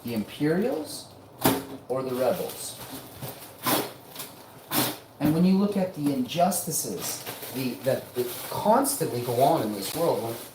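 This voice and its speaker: A man's voice: mid-range voice, big pitch swings, takes it slowly, pauses often, background noise. A man hosting a live show, ranting in a profane, combative and mocking way. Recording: roomy echo.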